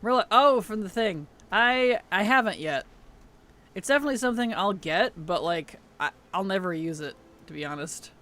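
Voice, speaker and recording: A man's voice: sits high, expressive, moderate pace, pushed and bright. A man streaming a game, chatting casually, laughing often and greeting his chat as he plays. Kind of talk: casual gaming livestream chat.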